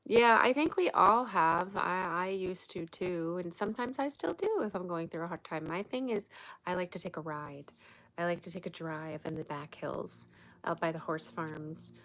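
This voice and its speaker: Low-voiced woman in casual late-night chat. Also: moderate pace, fairly bright tone, rough recording. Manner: frank, loose and sprinkled with swearing, giving spiritual advice. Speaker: livestream host. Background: music playing.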